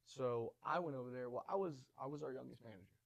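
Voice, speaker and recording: Casting: quick, animated young male guest, storytelling chat. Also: mid-range voice, vocal fry, highs cut off. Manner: animated storyteller, acts out quoted voices. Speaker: podcast guest. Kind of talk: casual storytelling.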